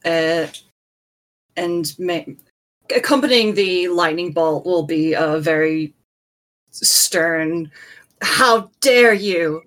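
A woman player in a tabletop game, describing her character's actions deliberately. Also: low voice, steady tone, a bit bright. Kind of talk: casual tabletop game play.

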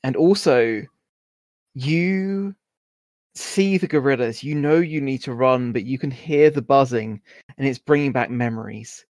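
A man's voice: mid-range voice, a little slow, darkish tone, no echo, studio quality. A man narrating as game master in a casual, rambling way, full of "like" and filler words. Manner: rambling, filler-heavy, giggly.

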